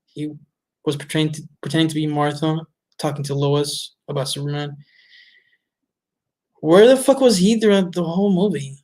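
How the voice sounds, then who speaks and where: A man's voice: a little high, moderate pace, long pauses, a little mellow. A man giving a casual film review, blunt, exasperated and full of swearing. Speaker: movie reviewer.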